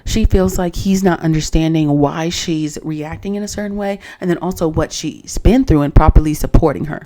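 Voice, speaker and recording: With a mellow voice at normal speed, a woman sassily and casually runs through a reality dating show, performing the cast's quotes with rising pitch.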